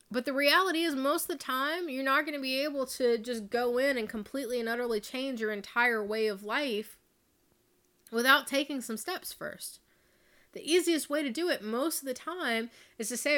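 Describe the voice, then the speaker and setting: A woman's voice: fairly high pitch, expressive, moderate pace, pushed and bright. A woman hosting her own podcast as a life coach, talking off the cuff in a candid, chatty way with casual swearing and tangents. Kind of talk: casual unscripted podcast monologue. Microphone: studio microphone.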